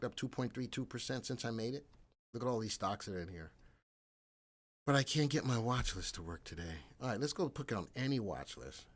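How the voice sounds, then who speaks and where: Chatty man hosting a live stock stream. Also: medium pitch. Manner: chatty, thinks aloud and answers viewers by name; gets loud and excited when reacting to chat. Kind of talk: casual live-stream commentary.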